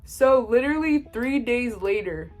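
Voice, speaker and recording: A woman's voice: a little high, a little slow, faint music behind. Chatty young woman telling a story. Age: young adult. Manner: animated, quoting others in lively bursts. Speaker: vlogger. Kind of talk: casual storytime.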